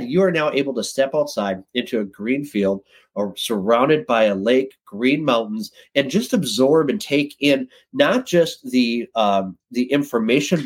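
A man talking as a guest on a podcast, telling stories in a casual, lively way and jumping up in pitch when he gets excited. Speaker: guest, sales director.

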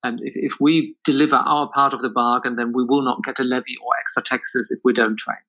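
A man from Germany, a guest in an interview, explaining in a measured way with frequent restarts. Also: mid-range voice, little pitch movement, bright, forceful tone, low-quality recording. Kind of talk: conversational interview answers.

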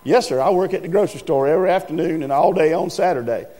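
Casting: polite teen boy, voiced by a man, earnest and quick, echoey hall. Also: on the high side, warm tone, natural voice. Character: polite young male teen driver. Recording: echoey hall, faint music.

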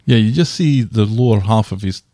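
A man co-hosting a podcast in casual chat, dropping quick deadpan jokes. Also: on the low side, dry recording, clean studio sound. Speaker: podcast co-host.

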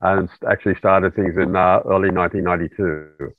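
A middle-aged Australian man speaking as a guest over a remote call, talking in an unhurried way with many fillers. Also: low voice, steady tone, no room sound. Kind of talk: remote interview. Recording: tinny call line, very dry.

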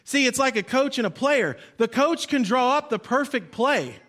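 A man preaching a sermon as pastor, swinging between loud emphasis and quiet drops, leading the congregation to repeat lines after him. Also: very high voice, animated, normal speed. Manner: leads the congregation in call-and-response.

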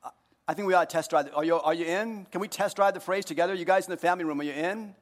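A man preaching a sermon to his congregation, joking with them and moving between hushed earnest moments and loud, playful ones. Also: high voice, very fast, in a large hall. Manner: jokey, talks directly to the congregation. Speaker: pastor. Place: church hall.

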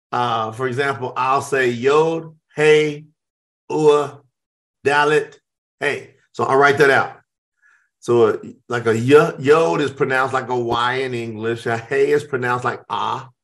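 A middle-aged man in a casual discussion, explaining Hebrew names and acting out both sides of conversations as he tells stories. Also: mid-range voice. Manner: animated storytelling, acts out both sides of conversations.

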